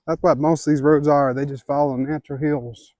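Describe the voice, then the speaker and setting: A man's voice: on the high side, level tone, fairly quick, dark tone, dry recording. Winded man with Ozark twang. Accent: Ozark Southern American. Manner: chatty, easygoing, talks to viewers while walking. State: out of breath from climbing. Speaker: hiking vlogger. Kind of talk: casual walking vlog. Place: outdoors on a wooded trail. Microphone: handheld camera.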